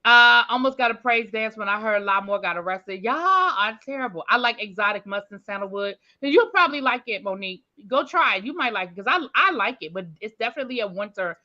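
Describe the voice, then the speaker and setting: A woman hosts a casual livestream, talking. She greets viewers one by one in a chatty, familiar way. Her voice is bright and a little high, and the stream audio is slightly dull and lo-fi. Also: expressive, brisk, few pauses. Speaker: livestream host.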